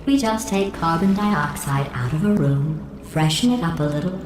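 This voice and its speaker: An actress voicing a cold, sarcastic female facility computer that delivers insults in a polite, deadpan tone through a robotic filter. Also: fairly low pitch, normal speed, over music. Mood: deadpan mocking. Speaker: test overseer in a video game. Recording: echoey game audio.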